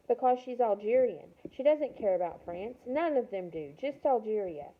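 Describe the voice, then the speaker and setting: A woman's voice: fairly high pitch, expressive, moderate pace, natural voice. A woman reading aloud the lines of a distrustful male resistance fighter, curt and dismissive. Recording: tinny phone-like sound.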